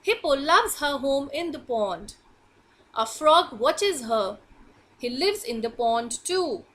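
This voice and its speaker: Leading an online reading class for young kids, a woman teacher speaks slowly and clearly in a bright tone. Her high voice rises and falls in a lively sing-song.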